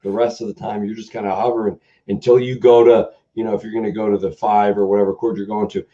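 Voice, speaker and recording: A man's voice: lowish voice, flat delivery, fast, dark tone. A man hosting a casual music chat, rambling through stories and imitating the people he quotes. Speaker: host. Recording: muffled lo-fi sound.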